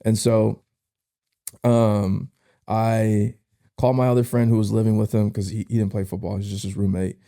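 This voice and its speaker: A young man, a podcast guest, casually telling a personal story in an emotional, halting way with slang. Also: on the low side, flat delivery, dark tone. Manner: casual, uses slang like "bro".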